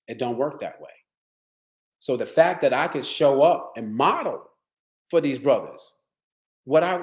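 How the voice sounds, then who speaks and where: A man giving a motivational wellness talk to lawyers. He tells stories in a streetwise, profane, animated way. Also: medium pitch, unhurried, long pauses. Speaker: wellness speaker. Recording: echoey room.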